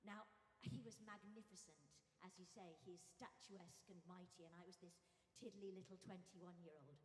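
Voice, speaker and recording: An older woman giving an anecdotal tribute speech at a memorial service, telling stories in a lively way and acting out moments. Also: fairly low pitch, normal speed, a little hiss or hum. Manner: animated storyteller who acts out moments. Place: large church. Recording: echoey church hall with faint music.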